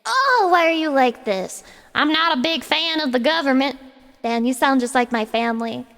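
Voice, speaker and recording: A high-pitched woman streaming live and bantering with her chat in a playful, theatrical way, reading messages aloud and cursing along the way. Her voice carries a long, hall-like reverb. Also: expressive, normal speed, a bit bright. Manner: playful and dramatic, reads chat aloud and swears.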